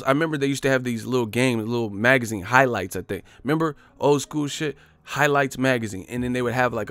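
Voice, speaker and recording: A man's voice: mid-range voice, a bit bright. Slangy, laughing man hosting a live stream. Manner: slangy, swearing, laughs a lot, does voices. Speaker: host of a live boxing stream. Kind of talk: casual livestream chat.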